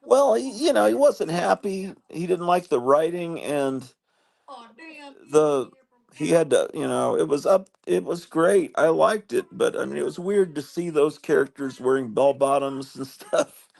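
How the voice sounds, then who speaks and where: A man hosting a livestream in casual chat, rambling and halting with many restarts. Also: fairly high pitch, vocal fry, a little mellow. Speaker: livestream host.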